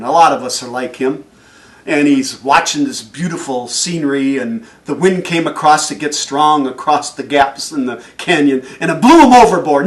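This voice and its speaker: A man giving a motivational speech, telling stories in an animated way and chuckling often. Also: fairly high pitch, distant mic. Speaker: motivational speaker.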